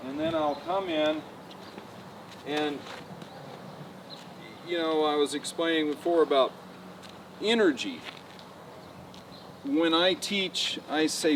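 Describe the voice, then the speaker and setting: A man working as a horse trainer, explaining in a relaxed, folksy way with many fillers, outdoors at a ranch pen. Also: on the high side, measured pace, long pauses. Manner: folksy, relaxed, lots of "you know" fillers. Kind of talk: casual explanation on a walk-around. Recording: distant outdoor mic, faint background noise.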